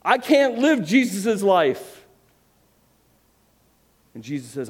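A man's voice: high voice, big pitch swings, slow pace, pauses often, husky. A man preaching a sermon, earnest and emphatic, with self-deprecating humor. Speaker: pastor.

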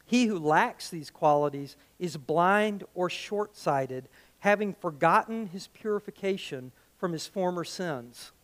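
Animated preaching man, fairly high voice. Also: unhurried. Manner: animated, conversational preaching with rhetorical questions. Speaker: pastor. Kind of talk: sermon.

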